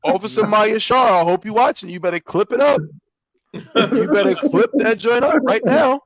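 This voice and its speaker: A man's voice: sits high, crowd noise. A man hosting a podcast, throwing in hype interjections and asking a guest for advice. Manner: hype interjections, slow drawn-out delivery. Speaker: podcast host.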